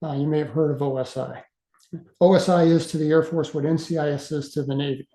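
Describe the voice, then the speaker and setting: A man in his sixties telling a story from his past as a guest speaker. He talks earnestly and haltingly, with many uhs and repeated words. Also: a little high, steady tone, warm tone, echoey room. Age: 60s. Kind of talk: casual storytelling.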